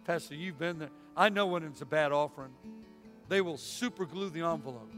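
Guest preacher, middle-aged, folksy storyteller, raised voice, soft guitar underneath. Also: male voice, high voice, animated, quick pace. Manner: folksy, storytelling, punchy emphatic lines. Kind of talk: sermon with altar call. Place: church sanctuary.

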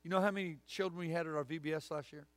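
In a church sanctuary, a middle-aged guest preacher gives a sermon ending in an altar call. His fairly high, steady voice comes rapid-fire on a dry recording, folksy and story-driven with emphatic, punchy lines.

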